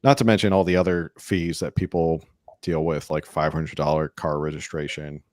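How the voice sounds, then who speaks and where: A man's voice: very deep voice, little pitch movement, normal speed, a little mellow, no room sound, studio quality. A man co-hosting a casual political podcast, talking in a rambling way with many restarts and fillers. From California. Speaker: podcast co-host.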